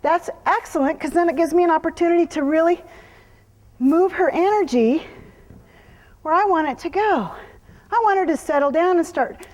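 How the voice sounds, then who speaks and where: A woman's voice: very high voice, moderate pace, pauses often, big-room sound. A woman horse trainer giving a live demonstration in an arena. She explains each step to the onlookers and keeps cooing praise at the horse. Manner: explains her steps to an audience between cooing praise to a horse.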